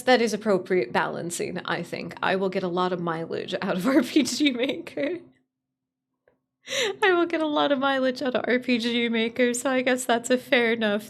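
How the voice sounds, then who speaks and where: A woman VTuber streamer talks casually with her viewers live, cursing freely and breaking into high-pitched squeals and laughter when something startles her.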